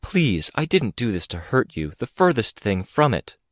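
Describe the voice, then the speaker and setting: A man's voice: mid-range voice, very animated, normal speed, a bit bright, dry recording, voice pushed up. Audiobook: male reader doing a composed, insistent mother, lifted voice, clean dry read. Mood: pleading. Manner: earnest, coaxing, insistent. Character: composed, pleading middle-aged mother. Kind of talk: audiobook character reading.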